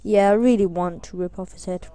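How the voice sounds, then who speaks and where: A woman's voice: mid-range voice, fairly even intonation, fairly quick, warm tone, clear, resonant tone. A woman giving goofy, crude let's play commentary, yelping and squealing at mishaps in the game. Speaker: gameplay commentator.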